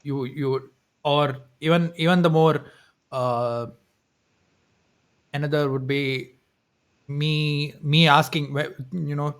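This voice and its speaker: A man co-hosting a casual live-stream chat, talking haltingly with frequent restarts and small laughs. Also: a little high, steady tone, clean tone. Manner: hesitant, many restarts and laughs. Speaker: podcast co-host.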